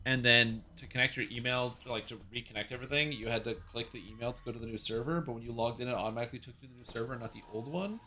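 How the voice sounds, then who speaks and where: A man's voice: mid-range voice, steady tone, racing, few pauses, pushed and bright, a little hiss or hum. A man streaming a game, chatting casually and rambling through joking asides. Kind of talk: casual chat while playing.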